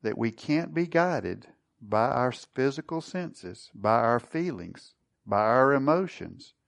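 Man, pastor, sermon, gravelly voice, mid pitch, asks the room questions. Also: animated, slow pace. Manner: teaching, asks the congregation questions.

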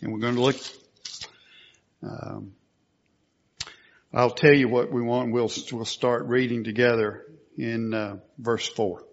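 A man's voice: medium pitch, steady tone, slow, pauses often. Man preaching a sermon. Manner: earnest, rising to forceful emphasis. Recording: dull lo-fi recording.

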